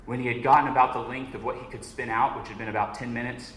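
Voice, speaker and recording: A man's voice: mid-range voice, steady tone, fast talker, a bit bright. A man giving a sermon as a guest preacher, telling a story in an earnest way. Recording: echoey room with faint noise.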